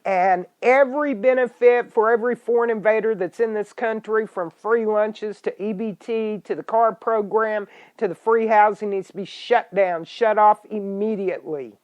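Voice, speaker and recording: A middle-aged woman with a drawl rants at her podcast listeners in an angry, scolding voice that keeps jumping into loud outbursts. Her pitch sits in a middle range for a woman, and the stream sounds dull and muffled, like lo-fi internet radio. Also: moderate pace, hardly any pauses. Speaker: podcast host. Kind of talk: ranting political podcast monologue.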